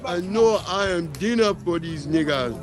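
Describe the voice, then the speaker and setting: A man voicing a stray dog that pleads to be taken along, in a high, whiny begging voice. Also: animated, measured pace, over music. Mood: pleading.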